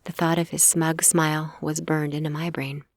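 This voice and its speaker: A woman giving steady, even first-person audiobook narration. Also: deep voice, normal speed, no echo, clean studio sound.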